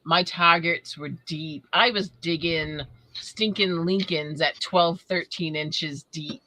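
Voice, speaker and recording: A woman with a New England accent and a slightly raspy, tired voice, chatting on a live show and greeting viewers by name. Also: fairly low pitch, takes it slowly, sharp tone, a little hiss or hum, poor audio. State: tired, recovering from illness. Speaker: co-host of a metal detecting live show. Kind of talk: casual live-stream chat.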